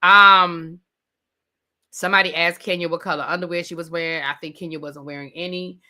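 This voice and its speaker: A woman with a DC accent talks through a live TV review, casual and full of sass. Her voice is bright and forceful, and she keeps breaking off to answer her live chat before diving back into the rant. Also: lowish voice, fairly even intonation, a little fast. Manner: chatty, reads and answers live chat, sassy slang. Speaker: host.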